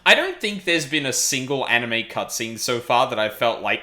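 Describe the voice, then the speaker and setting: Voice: medium pitch, very animated, moderate pace, pushed and bright. A streamer chatting casually about a game, rambling with many fillers and casual swearing. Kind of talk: casual chat. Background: game music.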